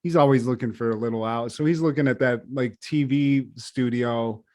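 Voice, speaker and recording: A man co-hosting a podcast in loose casual chat, retelling scenes in a profane, animated way. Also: medium pitch, normal speed. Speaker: podcast co-host.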